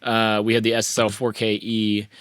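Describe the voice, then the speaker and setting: Low-voiced man casually explaining a mix. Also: moderate pace, smooth, dry recording. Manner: relaxed, rambling, frequent restarts and fillers. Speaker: mixing engineer and tutorial host. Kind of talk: casual screen-share mixing walkthrough.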